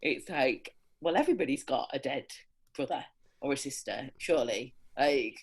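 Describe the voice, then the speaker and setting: Husky animated woman telling stories. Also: very deep voice, normal speed. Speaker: bereaved parent panelist. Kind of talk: candid conversational storytelling. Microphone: video call.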